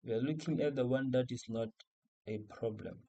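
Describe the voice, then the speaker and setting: A man's voice: medium pitch, a little fast, vocal fry, warm tone, lo-fi sound. A man from South Africa with a South African accent, going through exam questions as a teacher, repeating key points and asking and answering his own questions. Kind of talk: exam revision lesson.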